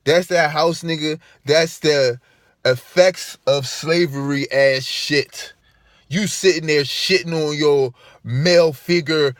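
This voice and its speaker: A man's voice: on the high side, no echo, clean studio sound. A man delivering an emphatic, profane vlog rant, hammering his points by repeating them. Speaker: vlogger. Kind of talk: ranting monologue to camera.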